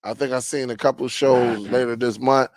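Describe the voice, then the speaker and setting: A man hosting a casual live stream chat, greeting viewers and reading their comments aloud in a relaxed, rambling way with many fillers. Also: mid-range voice, brisk, no room sound.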